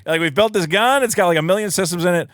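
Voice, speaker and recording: A young man in casual podcast chat, animated, acting out characters in quick put-on voices. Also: high voice, no echo. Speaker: podcast co-host.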